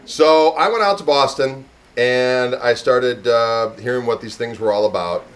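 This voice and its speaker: A middle-aged guitarist speaks a little slowly in a mid-range voice, casually telling a story and introducing a pickup demo. His delivery rambles conversationally and is full of "you know."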